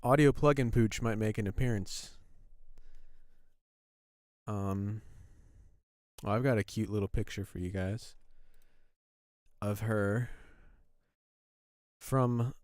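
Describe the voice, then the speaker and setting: A man's voice: fairly low pitch, takes it slowly, pauses often, a little mellow, no echo, studio quality. A man hosting a casual live stream, chatting with viewers in a rambling, easygoing way. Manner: chatty, rambling, talks to viewers while browsing. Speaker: livestream host.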